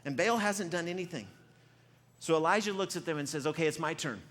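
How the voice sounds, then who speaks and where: A male pastor preaching a sermon, retelling a story with lively acted-out quotes and frequent repeated words. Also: a little high, a little fast. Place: church.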